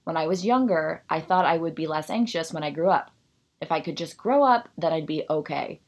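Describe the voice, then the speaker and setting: A woman in her thirties talks alone on her podcast in a lowish voice. She rants with biting sarcasm and a lot of push, then settles into reading a passage aloud. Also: fairly quick. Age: 30s. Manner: ranting, sarcastic, animated. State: out of breath. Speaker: podcast host. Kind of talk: solo podcast monologue.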